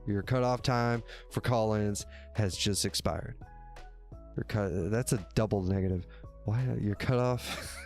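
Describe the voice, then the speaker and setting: Over faint background music, a man with a lowish voice talks at a measured pace into a desk microphone. He hosts his own livestream, chatting loosely with viewers, rambling, correcting himself, cursing a lot, and laughing often.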